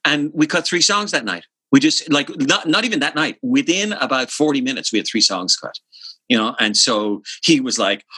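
Animated man telling session stories, bright voice. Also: mid-range voice, a little fast, husky, no echo, rough recording. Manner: animated storyteller, mimics drum sounds and acts out quotes; swears casually, many fillers. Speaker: session musician guest. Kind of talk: casual storytelling chat.

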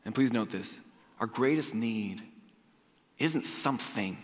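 A male pastor preaching a sermon in a church auditorium, talking in a lively, conversational way and swinging from loud to hushed. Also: medium pitch, measured pace, pauses often. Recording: long reverb of a large hall.

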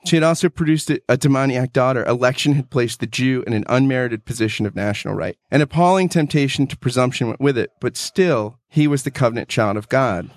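A man chats about theology and reads a passage aloud with feeling. His delivery is animated and heartfelt, at a middle pitch. The recording is dry and close. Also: brisk, few pauses, no echo. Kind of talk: casual theological discussion and reading aloud.

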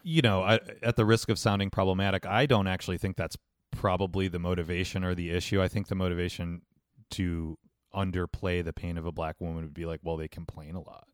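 Male co-host, low pitch, level-headed and argumentative, dry sound. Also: little pitch movement, dry recording. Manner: measured, argumentative, hedging. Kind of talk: casual chat. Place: New York.

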